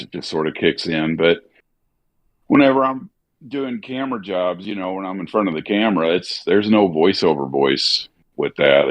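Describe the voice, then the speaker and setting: Deep-voiced man with a slight Missouri twang. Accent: Missouri, slightly Southern. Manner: relaxed, musing, many fillers and restarts. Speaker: actor and voiceover artist. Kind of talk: casual chat during a gaming stream.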